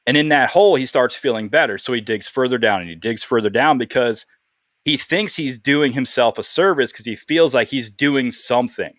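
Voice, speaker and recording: A man's voice: medium pitch, moderate pace, a bit bright, no room sound, studio quality. Earnest man hosting a podcast. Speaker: podcast host. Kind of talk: casual podcast chat.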